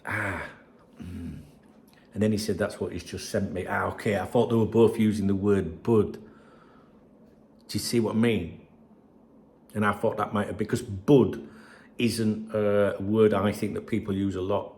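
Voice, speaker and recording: A man's voice: on the low side, steady tone, a little slow, long pauses, a little mellow. A man hosting a football channel, reading out messages and chatting to viewers in a sweary, rambling way. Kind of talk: casual solo commentary reading messages.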